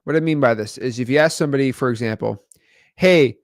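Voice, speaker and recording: A man casually teaching real estate wholesaling to the camera, animated and conversational, tagging sentences with okay and right. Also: mid-range voice, fast talker, no room sound, clean studio sound.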